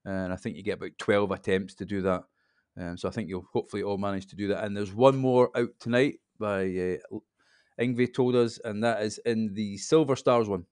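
A man in his fifties, a podcast guest, explaining things in a relaxed, rambling casual chat. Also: lowish voice, a little fast, smooth, dry recording, clean studio sound. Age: 50s.

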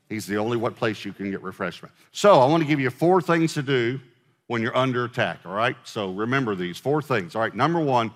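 With a slightly bright, medium-pitched voice, this middle-aged man leads a sermon as pastor, keeping it casual by quizzing the congregation and trading jokes with them. A long hall reverb surrounds the recording.

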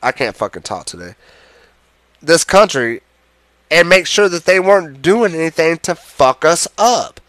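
A man delivers an angry political rant, heavy with profanity and sarcasm. His voice sits somewhat high and swings widely as he gets worked up. The sound is dry and close. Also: big pitch swings, a little slow, a bit bright, no room sound.

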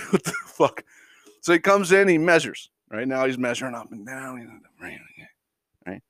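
Man, podcast host, casual profane storytelling, exasperated, lively pitch, dry close sound. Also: moderate pace, dry recording. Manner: profane, exasperated, laughs while telling the story.

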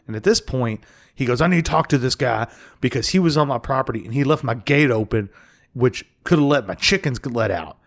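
A man in casual podcast chat, telling a story with lively energy. He acts out each quote and swears freely. His voice sits at a middle pitch. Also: a little fast. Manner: animated, acts out quotes with profanity. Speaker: podcast co-host.

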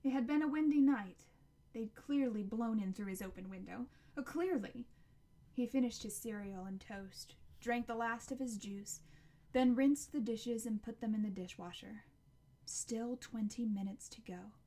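A woman narrating a novel chapter as an audiobook, in a measured, expressive storytelling manner. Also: on the high side.

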